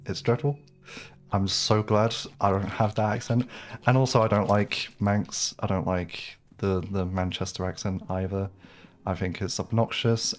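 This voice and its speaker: A man with an English accent chatting casually with his live-stream audience while playing, rambling with lots of fillers and restarts. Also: on the low side. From England. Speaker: game streamer.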